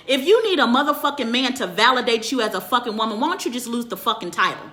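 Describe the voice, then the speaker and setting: A woman's voice: a little high, lively intonation, quick pace, hardly any pauses, pushed and bright. A woman counselor delivering a profane, emphatic rant to her viewers and answering their comments. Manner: profane and emphatic, swears constantly. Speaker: relationship counselor. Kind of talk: ranting monologue to viewers.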